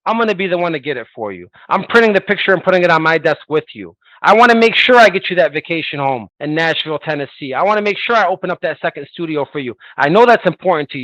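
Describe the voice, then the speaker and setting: A man with a high voice talks fast and with drive, coaching salespeople and acting out his pitches to clients. The sound is dry and slightly dull. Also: no echo. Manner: energetic, persuasive, role-plays sales calls.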